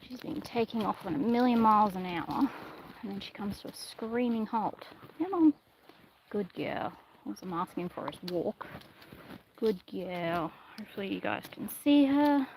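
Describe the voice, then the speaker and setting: A woman livestreaming casually while she trains her miniature horse outdoors, speaking in a soft, coaxing way to the animal. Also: medium pitch, normal speed. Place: outdoors in a paddock. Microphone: phone camera held in one hand. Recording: noisy outdoor phone recording.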